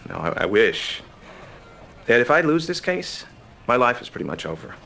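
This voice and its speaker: A hapless shy store clerk. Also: male voice, medium pitch, very animated, moderate pace, gravelly, pushed and bright, heavily acted. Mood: glum. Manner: mild, self-deprecating, hesitant. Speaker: client. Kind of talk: sitcom acting.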